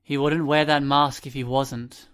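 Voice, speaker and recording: A man's voice: medium pitch, flat delivery, unhurried, fairly bright tone, smooth, lightly acted. A man voicing a scornful teen boy with glasses. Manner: scornful, accusing.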